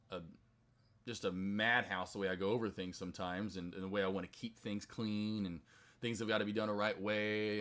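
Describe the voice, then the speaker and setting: A young man runs a live stock trading stream and talks casually to his viewers. His voice is bright and punchy, and his rambling chatter keeps breaking into excited, loud outbursts. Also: lowish voice. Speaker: stock trading livestream host.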